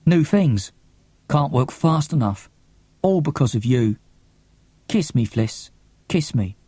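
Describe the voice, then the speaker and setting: A man's voice: medium pitch, expressive, takes it slowly, mellow, breathy edge, dry recording. A man voicing a troubled sixteen-year-old boy who speaks in curt, defensive bursts. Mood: intense.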